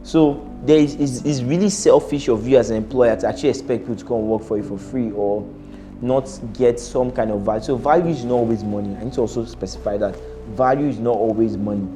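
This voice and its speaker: A man's voice: mid-range voice, brisk, music in the background. Man with blunt, laughing commentary. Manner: laughs often, repeats himself, casual and blunt. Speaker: employer reacting to a video. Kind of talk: reaction video commentary.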